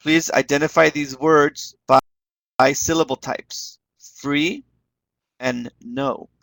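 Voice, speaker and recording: A man's voice: fairly high pitch, steady tone, takes it slowly, creaky, fairly bright tone, no room sound. A man leading an online teaching webinar, encouraging the class and repeating words as he explains them. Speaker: webinar instructor.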